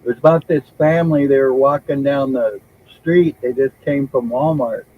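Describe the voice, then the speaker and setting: A man's voice: medium pitch, fairly even intonation, normal speed. A man hosting a casual podcast chat, telling a story in a rambling way, swearing casually and laughing easily. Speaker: host. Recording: dull lo-fi recording.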